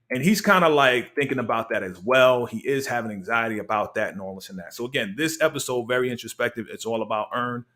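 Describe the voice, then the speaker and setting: A man hosting a casual TV recap, who tells the story in an animated way, acts out what the characters say and laughs often. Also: medium pitch. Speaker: YouTube TV recap host.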